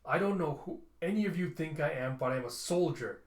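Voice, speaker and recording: A man's voice: on the high side, lively intonation, brisk, roomy sound, close to an everyday voice. A man voicing a hardened young woman captain who insists she is a soldier following orders. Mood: defiant. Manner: clipped, defiant.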